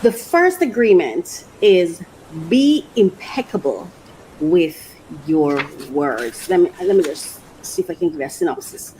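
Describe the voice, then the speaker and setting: Laughing, animated woman podcast host. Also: on the low side, a little slow, a little hiss or hum, low-quality recording. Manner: animated, laughs often, trails off and restarts. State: emotional, near tears. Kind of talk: casual unboxing chat.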